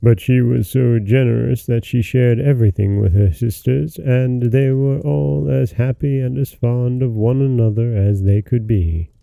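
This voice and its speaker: A man hosting and narrating a fairy tale as a read-aloud, measured and steady, with casual asides. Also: medium pitch, creaky, no echo. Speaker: host and storyteller.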